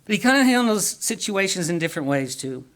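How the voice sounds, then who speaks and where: A man's voice: sits high, sing-song, fairly quick, a bit bright. A man preaching a sermon in an earnest way, asking the congregation questions and often repeating or restarting words.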